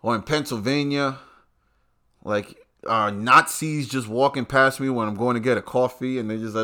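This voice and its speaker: A man's voice: mid-range voice, normal speed. Profane man ranting. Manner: animated, profane, streetwise slang. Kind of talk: casual profane rant.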